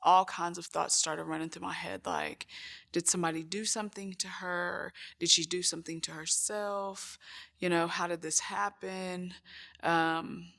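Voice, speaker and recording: A middle-aged woman with children giving a halting documentary interview, full of restarts. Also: on the low side, flat delivery, gravelly, a bit bright. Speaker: sister of the deceased.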